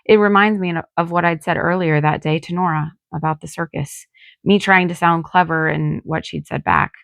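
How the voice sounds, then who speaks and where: A woman reading her own novel aloud in calm first-person narration. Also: on the low side, moderate pace, creaky, no room sound. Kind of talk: audiobook reading.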